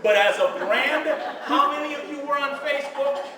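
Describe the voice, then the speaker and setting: A man giving an energetic conference talk to an audience, stressing key words and repeating phrases for effect. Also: very high voice, moderate pace, recorded from a distance, a crowd in the background. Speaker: speaker at a social media event. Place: event hall with an audience. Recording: echoey room picked up from afar.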